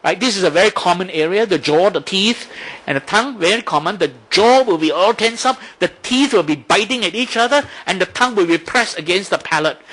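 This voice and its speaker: Male dharma lecturer, bright and tense tone, explanatory. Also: sits high. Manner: explanatory, asks rhetorical questions, frequent "right?". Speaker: Buddhist teacher.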